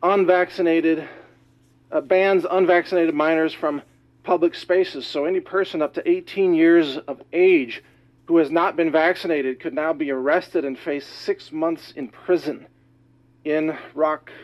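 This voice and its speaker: Male commentator, high-ish voice, winded, urgent rapid-fire delivery, muffled lo-fi recording. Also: steady tone. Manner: rapid, alarmed, emphatic delivery. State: out of breath. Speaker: news commentator. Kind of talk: urgent news monologue.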